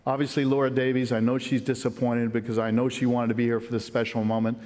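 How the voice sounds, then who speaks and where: A man's voice: medium pitch, level tone, fast talker, a little mellow. Middle-aged man speaking in an echoing hall. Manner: folksy, earnest anecdote telling. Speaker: hall of fame inductee. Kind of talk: acceptance speech with storytelling. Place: large ceremony hall. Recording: long reverb of a big hall.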